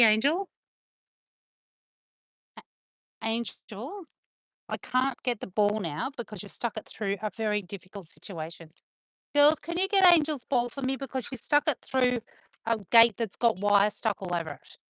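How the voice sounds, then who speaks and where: A woman's voice: on the high side, lively intonation, moderate pace, long pauses, a bit bright, no echo. A woman vlogging outdoors on a farm, chatting playfully and teasing her dogs. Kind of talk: casual chat to camera and to her dogs.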